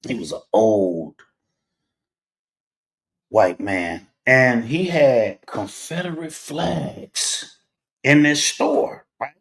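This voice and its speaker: A middle-aged man hosting a talk show, telling a personal story in a deliberate way, pausing often and checking in with "right?". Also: mid-range voice, animated. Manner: deliberate, with pauses and rhetorical "right?". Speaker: host.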